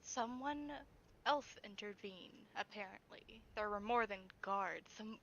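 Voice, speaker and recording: A woman's voice: medium pitch, slow, fairly bright tone, muffled recording, slight background noise. A woman voicing a nervous young rogue in a tabletop game, answering hesitantly and defensively. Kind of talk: tabletop game role-play.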